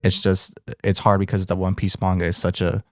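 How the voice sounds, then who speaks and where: Deep-voiced man, dry close sound. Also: flat delivery, a little fast, no room sound. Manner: enthusiastic, frequent backchannels. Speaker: podcast co-host. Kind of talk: casual chat.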